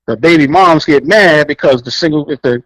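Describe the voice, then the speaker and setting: A man's voice: moderate pace, no room sound, poor audio. A man, telling blunt, profane stories in a casual chat and acting out the people in them. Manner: animated storyteller, acts out quotes in higher voice; blunt, profane, laughs often. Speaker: podcast co-host.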